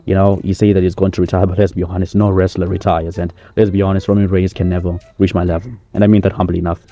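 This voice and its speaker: Man as a swaggering wrestler at a mock presser, deep and warm, rambling self-praise. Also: flat delivery, quick pace, soft background music. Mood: boastful. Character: boastful male wrestling-star impression holding a press conference. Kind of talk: comedy sketch.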